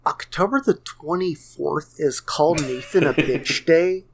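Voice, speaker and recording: A man's voice: on the high side, a little slow, creaky, slightly rough. A man co-hosting a casual gaming podcast, rambling and joking with lots of fillers. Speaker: podcast co-host.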